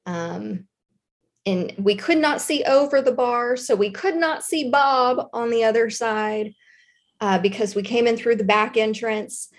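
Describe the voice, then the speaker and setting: A woman with a Southern US accent telling a school story in a casual chat, animated and chatty with plenty of fillers. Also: fairly high pitch, unhurried. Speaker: guest storyteller, former intervention specialist.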